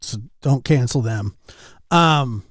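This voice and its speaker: A man's voice: medium pitch, lively intonation, slow, no echo, clean studio sound. A man chatting casually with his stream chat, telling rambling anecdotes and calling out viewers by name. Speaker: livestreamer.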